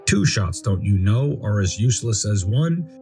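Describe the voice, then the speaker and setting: A man's voice: lowish voice, animated, normal speed, warm tone, soft background music. A man voicing a bossy authority on television who gives orders in a rhyming storybook.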